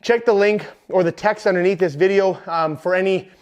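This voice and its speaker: A young man leading a home workout as a fitness trainer, counting reps aloud and talking casually with fillers and quick apologies. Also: high voice, dull audio. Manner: apologetic asides, filler words.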